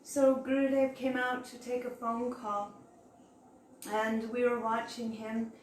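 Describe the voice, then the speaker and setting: High, lively woman telling a story. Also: a little slow. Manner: animated storyteller, acting out quoted dialogue. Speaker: devotional speaker. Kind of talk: storytelling talk. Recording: echoey room with faint background noise.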